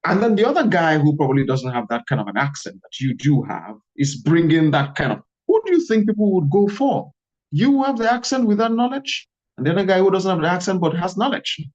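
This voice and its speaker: A man's voice: high voice, sing-song, fairly quick, a little mellow. A man giving an online lecture on communication, emphatic and repeating his key phrases. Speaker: communication instructor. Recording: dull lo-fi audio.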